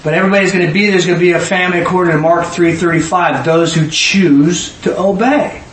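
A man preaching a sermon in a church hall, animated, sometimes rising to a shout and acting out both sides of conversations. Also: high voice, a little fast. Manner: animated, rising to shouts, quoting people in dialogue. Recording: echoey room from far off, faint noise.

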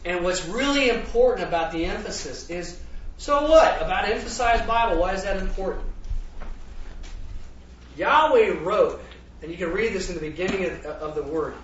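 A man's voice: sits high, expressive, normal speed. A man teaching as a sermon, speaking emphatically and reading scripture dramatically. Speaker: Bible teacher. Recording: distant, roomy, dull with faint noise.

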